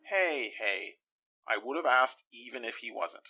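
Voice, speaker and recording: A man's voice: medium pitch, lively intonation, unhurried, pushed and bright, highs cut off, soft background music, exaggerated voice. A man playing a fumbling detective. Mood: awkward. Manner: hesitant, fumbling, self-deprecating. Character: awkward man detective in a trench coat. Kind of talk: audio drama acting.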